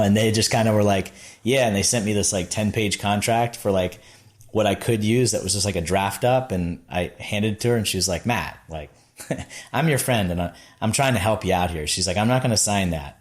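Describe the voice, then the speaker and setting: A man, a podcast guest, telling his founding story casually and acting out the people he quotes, with many "like"s. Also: sits low. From Florida.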